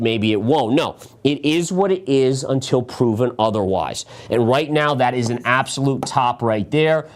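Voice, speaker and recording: A middle-aged man hosting a live market analysis show, talking emphatically and calling his viewers "guys", sometimes short of breath from talking fast. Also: medium pitch, a little mellow. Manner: quick talk, sometimes winded. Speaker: market strategist and show host.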